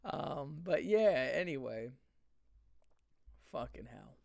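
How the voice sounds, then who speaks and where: A male streamer rants through a live show, his voice pitched a little high and recorded close and dry. He rambles from point to point and swears constantly. He often stops mid-sentence and starts over. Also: very animated, slow pace, vocal fry, a little mellow, no echo. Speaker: streamer reacting to chat. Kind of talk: profane live-stream rant.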